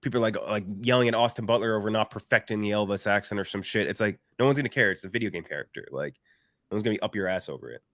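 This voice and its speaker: Dry, low-voiced podcast host. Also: male voice, racing, no echo. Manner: deadpan mock ad read, then relaxed opinionated chat. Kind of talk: casual podcast chat.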